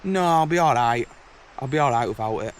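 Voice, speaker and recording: Man putting on a stubborn naive young lad, higher and louder, dismissive. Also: animated, a little fast, slight background noise, lightly acted. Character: stubborn naive young male camping friend.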